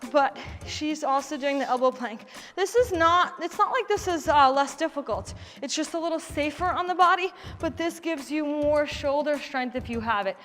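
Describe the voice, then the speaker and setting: A woman's voice: high-pitched, moderate pace, few pauses, a bit bright, in a large hall, soft background music. A woman fitness instructor leading a live kettlebell class, counting down reps and cueing moves while demonstrating. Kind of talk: live workout class coaching.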